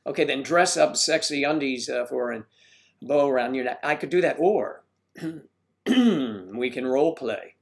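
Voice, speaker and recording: Brief: older male host, mid-pitched, jokey and rambling, reads chat, clears his throat. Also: expressive, unhurried. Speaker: host of a livestream. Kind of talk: casual live chat reading viewer comments.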